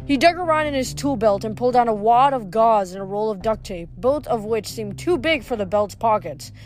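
A woman's voice: a little high, expressive, brisk, darkish tone, slight background noise. A woman reading a novel aloud, stumbling now and then over words, giving the characters' lines small changes of voice. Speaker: reader. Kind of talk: audiobook reading.

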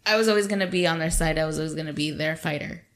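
A young woman with a slightly low voice speaks as a podcast guest. Her tone is earnest and supportive. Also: rapid-fire, a bit bright. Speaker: guest, family member. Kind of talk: casual podcast chat.

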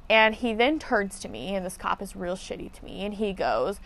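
A woman's voice: mid-range voice, big pitch swings, moderate pace, few pauses, fairly bright tone. A woman telling a casual story as a podcast host, blunt and profane as she vents her frustration.

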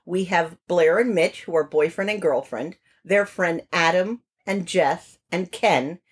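A woman's voice: on the low side, a little slow, husky. A woman co-hosting a podcast, recapping a film plot in casual chat with asides. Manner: chatty, recaps plot with frequent asides and laughs. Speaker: podcast co-host. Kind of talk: casual movie review chat.

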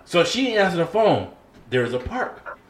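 A man's voice: sits high, big pitch swings, unhurried, slight background noise. A man in casual chat, telling a story in a laid-back way and quoting others. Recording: echoey room.

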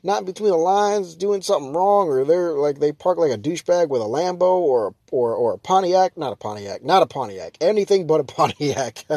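Young guy ranting about stuff, kinda high voice, gets loud and exasperated, dead dry sound. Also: vocal fry, no room sound. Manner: ranting, exasperated, jumps to loud mock shouts. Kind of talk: casual rant to camera.

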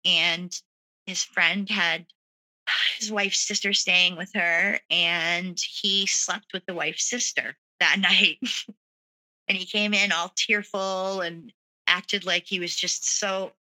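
A woman's voice: fairly low pitch, steady tone, slow, sharp tone, poor audio. A woman earnestly telling her own story as a guest, with lots of "you know" and "like" fillers. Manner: earnest, many fillers like 'you know' and 'like'. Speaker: guest sharing a personal story. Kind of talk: candid personal storytelling.

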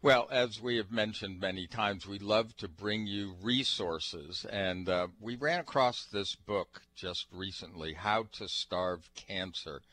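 A man co-hosting a radio talk show, introducing a guest in a relaxed way with frequent fillers. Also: lowish voice, slow, few pauses, no room sound, poor audio. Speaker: radio co-host.

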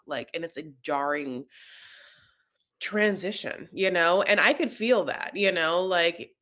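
A woman co-hosting a podcast, chatting through a reality-show recap in a lively, storytelling way. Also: on the low side, takes it slowly. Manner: animated storyteller, acts out the quotes. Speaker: podcast co-host.

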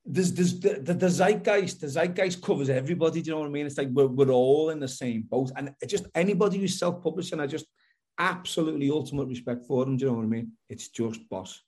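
A man's voice: fairly high pitch, quick pace, a little mellow. A man, a guest author, chatting casually in a loose, stumbling way, repeating himself as he talks. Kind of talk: casual chat.

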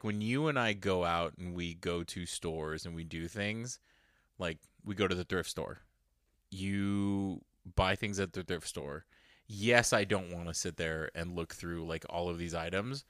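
A man co-hosting a casual podcast, laughing along and getting animated when he makes his point. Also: low voice, no echo, clean studio sound. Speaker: podcast co-host. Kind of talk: casual recap chat.

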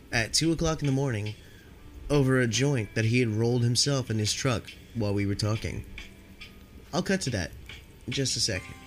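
A man's voice: mid-range voice, a little hiss or hum. A man casually telling rambling stories from his night shift at a store, laid-back and swearing a lot, sniffling from allergies. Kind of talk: casual storytelling.

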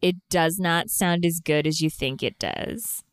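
A woman's voice: on the low side, measured pace, clean tone, no room sound, clean studio sound. A woman co-hosting a casual podcast, playful and opinionated. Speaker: podcast co-host. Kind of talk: casual chat.

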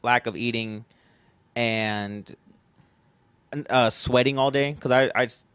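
A man's voice: mid-range voice, fairly even intonation, slow pace, a bit bright, clear, resonant tone, no echo. Man rambling through a story, dry room. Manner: rambling storytelling, swears casually, acts out his own past lines. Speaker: podcast guest, festival founder. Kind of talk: casual chat.

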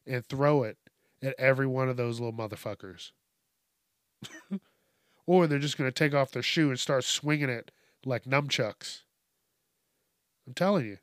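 A man hosting a comedic news commentary, ranting in a profane, animated way. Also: mid-range voice, no room sound, clean studio sound. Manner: profane, animated rant with laughs. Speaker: host.

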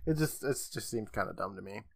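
A man's voice: on the low side, lively intonation, quick pace, gravelly, no room sound, clean studio sound. A man co-hosting a casual podcast, recapping episodes with a chatty manner, acting out quotes and laughing often.

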